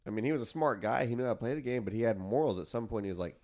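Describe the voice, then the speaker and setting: A man's voice: medium pitch, animated, racing, a little mellow. A man hosting a casual podcast chat, swearing freely and quoting film lines.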